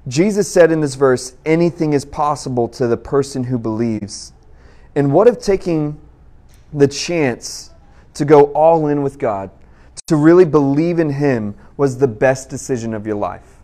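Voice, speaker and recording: A man in his thirties preaches a sermon and tells a personal story in an easy, conversational way. He talks straight to the crowd, and his voice sits a little higher than most men's. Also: animated, a little slow, mellow. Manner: storytelling, conversational, addresses the audience directly.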